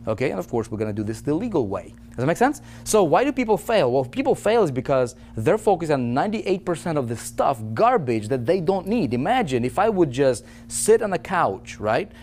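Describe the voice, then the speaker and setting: A man giving a motivational sales pitch, persuasive and full of "right?" and "you know". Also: sing-song, fairly quick, hardly any pauses, darkish tone, a little hiss or hum. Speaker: online business presenter.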